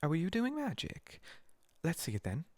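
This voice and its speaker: A man voicing a bossy, know-it-all young schoolgirl in a whispered role-play, chattering primly and quickly. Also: a little high, huge pitch swings, darkish tone, no echo, pitched above the performer's own voice. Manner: rapid, prim, self-assured chatter.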